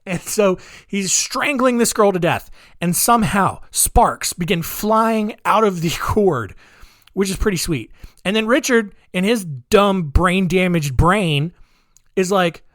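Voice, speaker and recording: A man's voice: high voice, expressive, slow pace, a bit bright, no echo, clean studio sound. A man hosting a podcast, telling a true-crime story in a rambling, jokey way full of asides. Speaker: podcast host.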